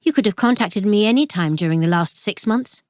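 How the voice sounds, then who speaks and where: A woman's voice: mid-range voice, lively intonation, fairly quick, darkish tone, dry recording, studio quality, natural voice. A woman voicing a wary young bookshop owner who speaks politely but keeps her guard up.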